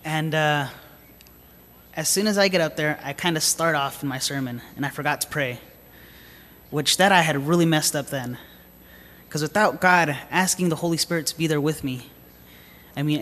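A man giving a sermon in a slightly high voice, moving between scripture readings and a relaxed personal story full of little fillers. The sound rings with a long reverb, as in a big hall. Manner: reads scripture aloud, then tells a story in casual hesitant talk with fillers. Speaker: lay preacher.

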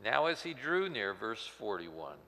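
Dramatic male preacher, bright voice. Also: on the low side, big pitch swings, unhurried, long reverb tail. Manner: dramatic, swings from loud to hushed. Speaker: pastor. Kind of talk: sermon.

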